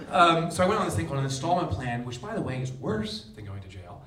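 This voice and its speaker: A man delivering a conference keynote as an emotional story, his voice leaping high when he hits a punchline. He sits at a middling pitch. The sound is roomy and heard from off the mic, with a faint rumble underneath. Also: sing-song, quick pace, hardly any pauses. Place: large conference hall. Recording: echoey hall, distant mic, faint rumble.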